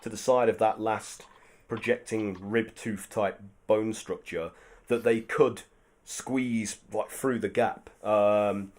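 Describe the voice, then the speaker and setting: A man's voice: on the low side, fairly even intonation, takes it slowly, a little mellow. A man narrating a tabletop game as game master, rambling with many fillers and restarts.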